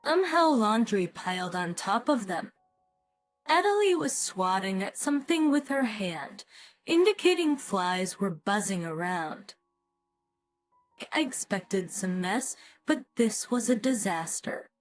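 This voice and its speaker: Woman narrator in her fifties, slow pace, expressive pitch, faint background music. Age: 50s. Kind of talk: scripted first-person story narration.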